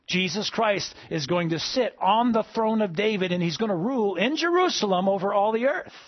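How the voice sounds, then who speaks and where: A man preaching a sermon to a congregation, rising to emphatic peaks and then dropping soft. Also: sits high, expressive, normal speed, dull audio. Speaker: pastor.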